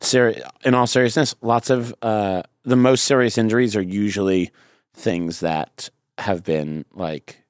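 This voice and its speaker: A man's voice: lowish voice, fairly even intonation, measured pace, smooth, no room sound, clean studio sound. A man who is a comedian guest on a comedic advice podcast, talking in a rambling, ranty way and breaking into silly voices.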